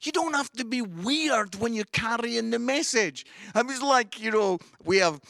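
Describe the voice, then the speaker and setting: A man preaching an online sermon, animated and enthusiastic, shouting some lines and growing soft and low at others. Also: measured pace, gravelly, dry recording, studio quality. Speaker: pastor.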